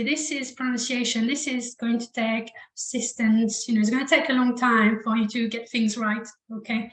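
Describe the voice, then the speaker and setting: Encouraging woman trainer in an echoey room. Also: fairly high pitch. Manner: encouraging, checks in with "okay?" and "you know"; demonstrates sounds slowly for listeners to repeat. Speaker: language teaching trainer. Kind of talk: online training presentation.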